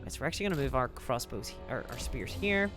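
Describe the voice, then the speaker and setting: A man's voice: medium pitch, quick pace, over music. A man streaming a strategy game live, chatting in a rambling, casual way while he plays and reads the chat. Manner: lively, rambling, talks while playing. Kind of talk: live gameplay commentary.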